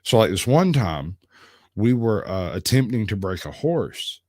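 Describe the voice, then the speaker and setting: A man's voice: lowish voice, big pitch swings, a little slow, warm tone, no room sound, studio quality. A man hosting a livestream, telling rambling stories and giggling often as he goes. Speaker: livestream host. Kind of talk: casual storytelling chat.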